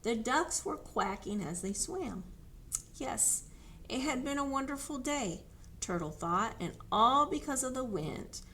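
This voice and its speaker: Slow, sing-song woman reading to children. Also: high voice, a little hiss or hum. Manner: animated, sing-song, coaxing children to join in. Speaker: librarian storyteller. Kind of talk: reading a picture book aloud to children.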